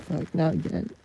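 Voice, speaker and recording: A man's voice: dark tone, a little hiss or hum. A man chatting casually on a livestream, rambling and swearing freely while talking to his viewers. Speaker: streamer.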